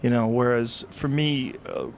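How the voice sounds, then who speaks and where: A man's voice: mid-range voice, steady tone, a little slow, a little hiss or hum. A middle-aged man talks in a loose podcast conversation. He is blunt and emphatic, and he swears casually as he speaks. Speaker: podcast host.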